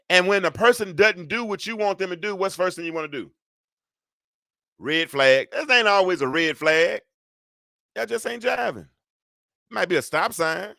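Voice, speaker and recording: Bright, preachy man hosting a solo talk. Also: sits high, gravelly, dry recording, studio quality. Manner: preachy, joking, asks the audience for amens. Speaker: host. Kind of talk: live-streamed solo talk show.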